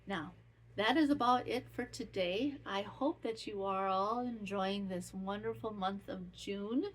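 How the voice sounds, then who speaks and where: A woman's voice: mid-range voice, a little slow. A woman hosting a podcast who chats casually in a rambling, heartfelt way. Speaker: podcast host. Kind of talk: casual chat.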